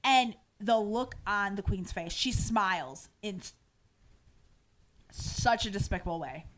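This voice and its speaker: A woman's voice: mid-range voice, lively intonation, measured pace, a bit bright. A woman podcast host in a casual recap chat, retelling scenes with lots of fillers and acting out the quoted lines. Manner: frequent "um" and "like" fillers, casual swearing.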